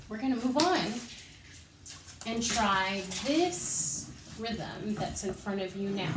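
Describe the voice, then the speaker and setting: A woman's voice: mid-range voice, lively intonation, slow pace, noisy background. A woman teaching an elementary music lesson, patiently explaining and counting rhythm syllables aloud while she moves. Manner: encouraging, patient teacher talk. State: out of breath. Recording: echoey room, voice from a distance.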